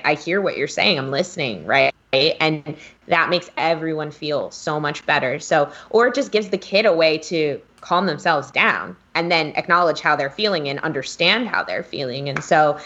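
Rambling woman host, lo-fi sound. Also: on the low side. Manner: rambling, self-correcting, warm enthusiasm. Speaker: podcast host leading tapping. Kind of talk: casual chat. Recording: dull lo-fi sound.

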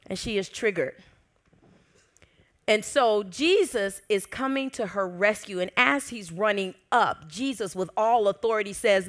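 A woman pastor preaching a sermon, telling a story with lively expression and dropping to soft whispers at tender moments. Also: mid-range voice, moderate pace.

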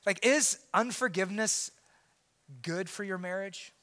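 A man preaching a sermon as pastor, swinging from loud emphatic preaching to quiet, intense asides. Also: sits high, measured pace.

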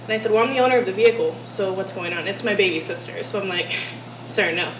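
A woman's voice: medium pitch, fast talker. A young woman from Texas telling a story in a casual chat, laughing often and swearing freely. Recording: echoey room with background noise.

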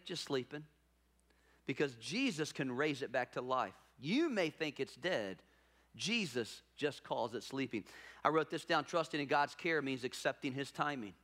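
Man, pastor preaching, bright forceful voice, slightly high, emphatic repetition, faint music behind. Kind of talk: sermon.

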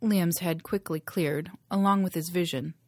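Woman reading an adventure book aloud, lowish voice, dry close sound. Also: fairly even intonation, moderate pace, darkish tone, no echo. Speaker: narrator. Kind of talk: audiobook reading.

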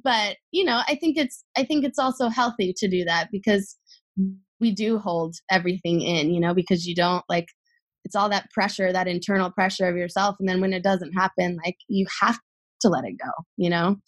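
A young adult woman chats as a guest on a podcast, her voice sitting in an ordinary middle pitch. She talks in loose, filler-packed runs, gushing and candid. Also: a little fast. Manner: chatty, gushing, many fillers. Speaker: guest, athlete. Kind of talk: casual podcast conversation.

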